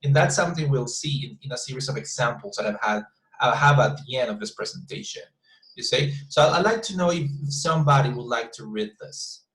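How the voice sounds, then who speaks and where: A man teaches an online English class, often repeating himself and checking in with "you see?" as he explains. His voice sits at a middle pitch. The sound is echoey, as if recorded in a bare room. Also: expressive, brisk, a bit bright. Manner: frequent restarts and "you see?" check-ins.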